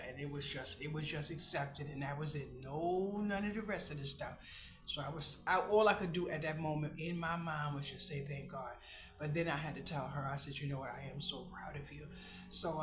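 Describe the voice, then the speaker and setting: A woman vlogger telling a casual personal story in an animated way, breaking into exclamations and laughter. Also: sits low. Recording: roomy, dull lo-fi sound.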